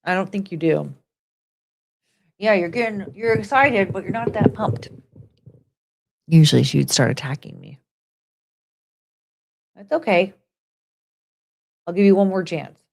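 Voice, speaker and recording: A woman's voice: mid-range voice, lively intonation, measured pace, gravelly, pauses often, a little mellow. A young woman hosting a casual livestream, chatty and rambling, slipping into baby talk with her dog. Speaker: livestream host.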